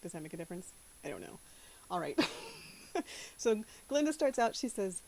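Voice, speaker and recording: A woman's voice: mid-range voice, very animated, moderate pace, creaky, pauses often, darkish tone, slight background noise, low-quality recording. A woman from the American South chatting casually to camera, giggling often. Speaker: channel host.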